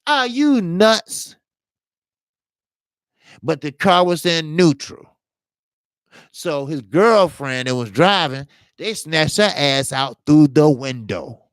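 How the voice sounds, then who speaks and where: A man hosting a boxing talk show gives a casual commentary monologue, telling rambling, profanity-laden stories and scolding fighters in emphatic rants. His voice is on the high side, expressive, and smooth, and he speaks slowly with no echo.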